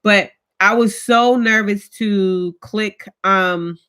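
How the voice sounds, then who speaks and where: A woman in her thirties chatting casually with her viewers as a vlogger, telling stories in an animated, colloquial way. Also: mid-range voice, slow pace, clean tone. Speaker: vlogger host.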